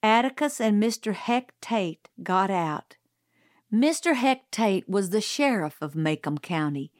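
A woman narrating a storybook aloud in a measured, even storytelling delivery. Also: mid-range voice, no room sound, clean studio sound. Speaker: audiobook reader.

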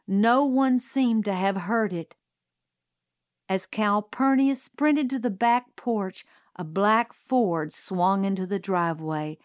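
A woman narrating a storybook aloud in a measured, even storytelling delivery. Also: mid-range voice, no echo, studio quality. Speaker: audiobook reader.

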